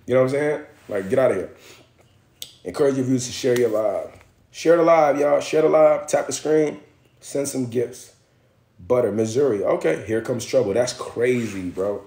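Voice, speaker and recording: A young man from Miami talks straight into his phone on a livestream, blunt and full of swearing, his pitch sitting right in the middle. His voice bounces around a roomy, echoing space. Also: normal speed, gravelly. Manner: blunt, profane, animated storyteller. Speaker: livestream host. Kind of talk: casual livestream storytelling. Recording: roomy echo.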